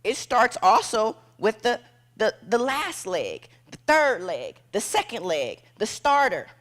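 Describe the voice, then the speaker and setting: A woman giving a motivational keynote speech on stage, telling a dramatic story in short punchy phrases and dropping to a hush at tense moments. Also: fairly high pitch, very animated, slow. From United States. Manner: acts out quoted voices, drops to a hush for tense moments. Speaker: motivational speaker. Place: event stage before an audience.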